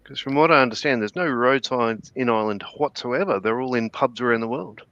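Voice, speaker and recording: A man's voice: medium pitch, a little fast, a bit bright, no room sound, muffled recording. A man co-hosting a casual livestream chat, joking around and reading viewer comments aloud. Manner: jokey, reads out chat messages.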